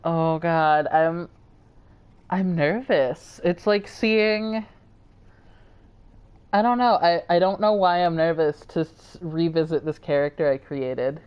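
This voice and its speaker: Low-voiced rambling woman streamer. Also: slow, smooth, dull audio. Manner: chatty, rambling, warm toward viewers. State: tired. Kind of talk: casual live-stream chat.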